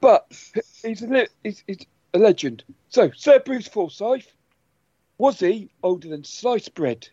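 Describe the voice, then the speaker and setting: Goofy elephant quizmaster, played by a man, high and mellow, rambling. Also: lively intonation, measured pace, slightly rough, no echo, exaggerated voice. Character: silly male elephant quiz host. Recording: dull dry lo-fi sound.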